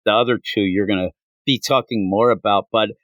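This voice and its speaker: A man's voice: on the low side, fairly even intonation, a little fast, a bit bright, dry recording, lo-fi sound. A man hosting a comics podcast, talking casually and animatedly, often repeating "I'm telling you.". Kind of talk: casual chat.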